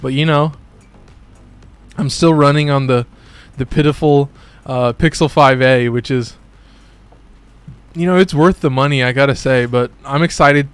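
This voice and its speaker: A young man commentating casually on his live stream, rambling and excitable, often saying "like", with the odd curse. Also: medium pitch, a little slow, pauses often, smooth, no echo, soft background music.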